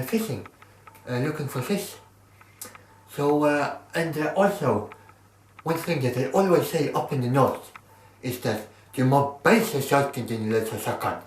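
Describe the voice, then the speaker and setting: A man doing a stern northern Norwegian lecturer. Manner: lower voice, insistent and lecturing. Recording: roomy, distant mic, faint noise.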